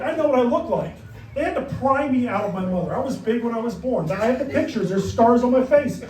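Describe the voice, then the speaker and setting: A middle-aged man performing a stand-up comedy set on a club stage, telling dark stories in a deadpan way with asides to the crowd. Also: extremely high pitch, roomy sound, distant mic, a little hiss or hum, rough recording.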